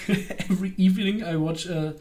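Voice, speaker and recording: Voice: medium pitch, steady tone, normal speed, darkish tone, a little hiss or hum. A livestreamer chatting casually and rambling, with frequent giggles between sentences. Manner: rambling, gushing about a web series. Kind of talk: casual stream chat.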